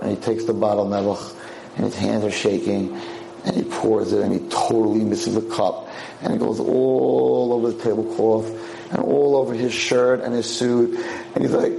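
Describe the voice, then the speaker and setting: A man's voice: medium pitch, expressive, moderate pace, vocal fry, dark tone, echoey room, slight background noise. A man giving a lecture to a class of girls, telling a dramatic story and acting out its characters.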